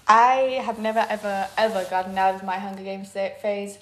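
A young woman co-hosting a podcast, chatting casually and gushing about films and shows with quick asides. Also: mid-range voice, level tone, a little hiss or hum. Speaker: podcast co-host. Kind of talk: casual chat.

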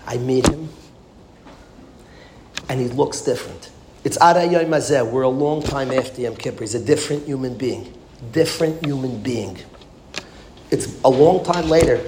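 A man, a rabbi teaching a class, tells a story as a sermon with emphatic, repetitive phrasing that builds to passionate exclamations. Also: mid-range voice. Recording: echoey room with background noise.

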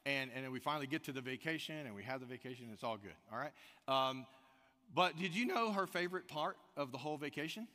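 A man preaching a sermon, telling stories with animated energy and asking the congregation direct questions. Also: a little high. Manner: animated storytelling, rising to loud outbursts. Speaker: pastor. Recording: echoey hall reverb.

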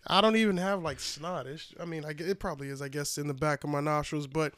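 A man's voice: fairly high pitch, fairly even intonation, quick pace, a bit bright, smooth, no echo. A man co-hosting a podcast in casual chat, congested and a little muffled, talking in a laid-back, rambling way. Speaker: podcast co-host.

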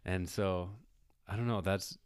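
A man co-hosting a podcast, talking in a relaxed, agreeable, casual way. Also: low voice, unhurried, smooth, dry recording, studio quality. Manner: relaxed, agreeable, lots of "yep" and "like". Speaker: podcast co-host. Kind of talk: casual chat.

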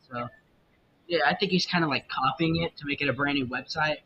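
A young podcast host rambles through a casual solo show, opinionated and full of fillers and restarts. He speaks fairly quickly in a bright, forceful voice. The lo-fi mic sounds muffled with a faint rumble, and faint jazz plays behind him.

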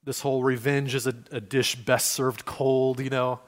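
A male pastor giving a sermon in a conversational, lively way, acting out the voices he quotes and restarting phrases as he goes. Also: mid-range voice, moderate pace.

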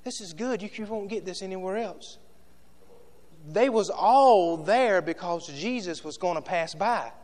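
A man preaching a sermon in a church with passion, shifting between loud shouts and hushed asides to the congregation. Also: high voice, measured pace.

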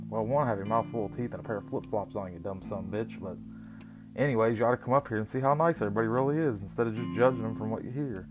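A man's voice: lowish voice, racing. Profane, rambling West Virginia man. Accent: West Virginia Appalachian. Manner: profane, crude joking, rambling stories. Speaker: vlogger. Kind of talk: casual rambling monologue. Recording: guitar music playing behind.

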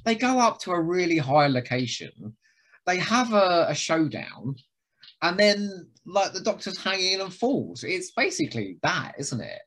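A man co-hosting a podcast, enthusiastic and jokey, often pausing to find words. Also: high voice, very animated, a bit bright. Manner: enthusiastic, jokey, hesitant with fillers. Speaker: podcast co-host. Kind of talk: casual podcast chat.

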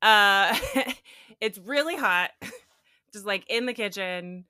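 Woman co-host with a bright, dry sound; chatty and quick to laugh. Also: mid-range voice, animated, smooth, no echo. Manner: chatty, laughs often, many fillers. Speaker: podcast co-host. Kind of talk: casual podcast chat.

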